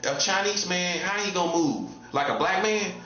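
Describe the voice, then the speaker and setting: A man's voice: sits high, lively intonation, moderate pace, sharp tone, echoey room, a little hiss or hum. Man, self-styled prophet, repetitive rhetorical monologue; dull lo-fi recording. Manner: repetitive, drives points home with rhetorical questions. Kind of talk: casual preaching monologue.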